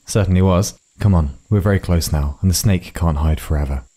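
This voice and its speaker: A man voicing a gruff, hard-drinking old woman guide in a storybook reading, talking in a blunt, dry and weary way. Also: low voice, fairly quick, dark tone. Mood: impatient.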